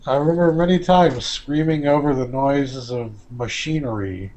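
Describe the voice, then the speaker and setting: A man's voice: medium pitch, normal speed, warm tone, lo-fi sound, slight background noise. A man joining a game stream call, bantering and teasing in a wry way. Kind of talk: casual banter.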